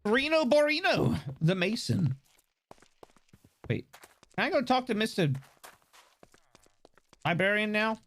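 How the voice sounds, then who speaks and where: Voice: mid-range voice, very animated, slow, pauses often, fairly bright tone. A livestreamer giving casual, joking gameplay commentary, swearing freely along the way.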